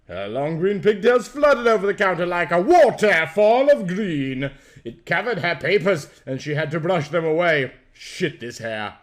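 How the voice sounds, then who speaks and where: A young man, a podcast host, giving a tired, mock-dramatic comic reading of fan fiction. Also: a little high.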